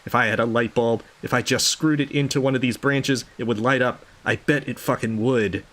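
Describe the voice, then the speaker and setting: A man's voice: mid-range voice, steady tone, moderate pace, fairly bright tone, close to an everyday voice. A man reading out the lines of an unhinged, sleepless male doctor in a game, rambling and swearing. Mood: ranting. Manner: rambling, swearing, paranoid muttering. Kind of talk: reading game dialogue aloud.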